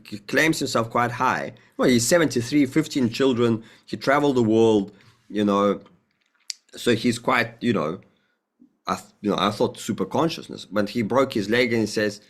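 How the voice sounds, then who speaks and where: A man of ordinary pitch talks in a loose, rambling way as an interview guest, piling up restarts and casual swearing. He slips into quick acted-out exchanges, pushing his voice up for the other characters. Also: fairly bright tone. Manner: rambling and emphatic, with frequent profanity; acts out dialogue with a jumpy, higher voice. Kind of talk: conversational interview, spiritual talk.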